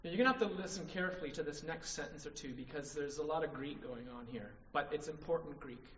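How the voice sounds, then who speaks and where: Higher-voiced preacher in an echoey hall. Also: male voice, quick pace, fairly bright tone, a little hiss or hum. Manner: emphatic, repeats "right?" to the congregation. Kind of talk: sermon. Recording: distant, echoey hall, dull sound.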